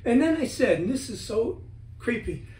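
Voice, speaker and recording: High-voiced man telling stories in a roomy space. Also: normal speed. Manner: animated storyteller, acts out his own words. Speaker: guest author on spirits. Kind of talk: casual interview chat. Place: at home. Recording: roomy, from a distance, faint ambience.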